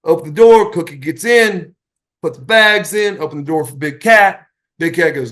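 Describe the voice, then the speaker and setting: A middle-aged man spins backstage stories with a lot of energy, slipping into the voices of the people he quotes. His voice sits a little high for a man, and he stumbles over restarts as he talks. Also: normal speed. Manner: animated anecdotes, acting out quoted voices, many restarts. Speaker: podcast guest, retired wrestler. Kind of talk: casual storytelling.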